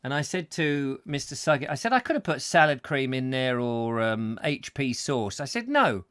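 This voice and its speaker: A man's voice: mid-range voice, normal speed, fairly bright tone, clean tone. A man hosting a live chat show, reading out viewers' messages with playful jokes and silly voices. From England. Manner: playful, jokey, slips into silly voices and sound effects.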